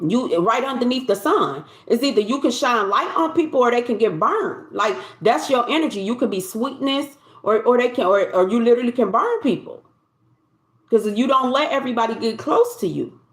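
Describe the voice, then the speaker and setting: A woman's voice: fairly high pitch, expressive, moderate pace, echoey room. A woman giving a collective tarot reading in a loose, conversational way, often repeating and restarting her phrases. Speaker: tarot reader.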